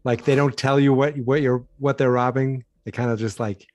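A man co-host in casual film chat, relaxed and questioning, swearing casually. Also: medium pitch, moderate pace, no room sound.

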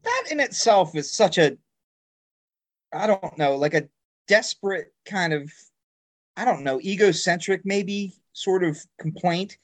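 A man's voice: high voice, animated, unhurried, no room sound. A man in casual conversation, joking wryly and laughing often. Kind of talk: casual podcast chat.

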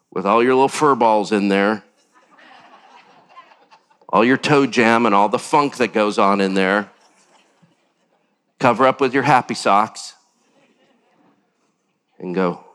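An older pastor preaches a sermon with animation, his pitch leaping up suddenly as he acts out quotes.

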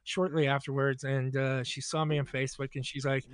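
A man's voice: mid-range voice, level tone, fairly quick, no echo. A man in casual group chat, bluntly telling a story and acting out both sides of the dialogue. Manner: blunt, profane.

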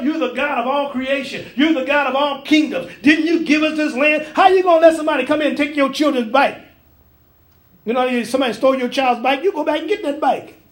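A man's voice: very high-pitched, roomy sound. A man preaching a sermon in a church, emphatic and folksy, drawing responses from the congregation.

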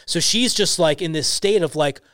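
A young man talks earnestly on a faith podcast, stressing his points and leaning on casual fillers. His voice sits a little high. The sound is dry and close to the mic. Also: moderate pace, a bit bright, dry recording. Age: young adult. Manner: earnest, emphatic storytelling with many "like" fillers. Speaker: podcast guest, ministry founder.

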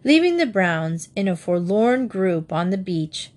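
A woman's voice: medium pitch, big pitch swings, a little slow, darkish tone. Woman reading a children's story. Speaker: narrator.

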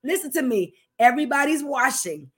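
A middle-aged woman preaching a sermon, chatty and lively, laughing often and swinging from loud to hushed. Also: high-pitched, brisk, husky. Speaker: minister.

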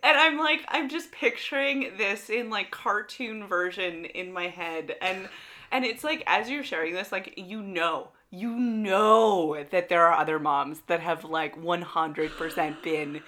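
A woman co-hosting a podcast in casual chat. She is expressive and laughs easily. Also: fairly low pitch, measured pace. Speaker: podcast co-host.

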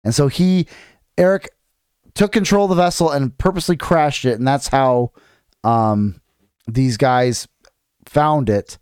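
A man's voice: medium pitch, unhurried, pauses often, darkish tone, clear, resonant tone, no echo, clean studio sound. A man co-hosting a podcast, casually recapping a novel with lots of restarts and fillers while reading passages aloud. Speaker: podcast co-host. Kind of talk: casual chat recapping a book.

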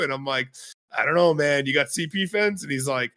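Bright-voiced man telling animated stories. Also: a little high, fairly quick. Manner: animated storyteller, acts out both sides of dialogue. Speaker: podcast co-host. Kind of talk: casual gaming chat.

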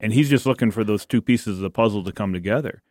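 A man's voice: lowish voice, fast, darkish tone. A man co-hosting a casual church podcast, talking in an earnest, reflective way. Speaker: podcast co-host.

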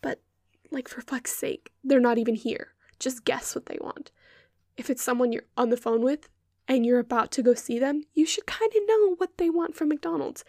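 A woman's voice: sits high, normal speed, dark tone, dry recording, studio quality. A young woman hosting a podcast, ranting in an exasperated, sarcastic and sweary way. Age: young adult. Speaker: podcast host. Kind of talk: ranting monologue.

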